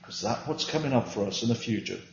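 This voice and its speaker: A man's voice: mid-range voice, animated, quick pace, vocal fry, slight background noise. An earnest man leads a small-group Bible teaching, pressing his points and answering his own questions. The recording is roomy and a bit dull, with faint ambience behind him.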